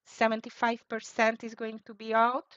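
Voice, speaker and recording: A woman's voice: fairly high pitch, completely flat delivery, moderate pace, fairly bright tone, clean tone, no echo. Fretful woman calling live trades. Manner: fretful, thinking aloud, calling out prices. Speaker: live trading stream host. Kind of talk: live market commentary. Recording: dry, dull lo-fi sound.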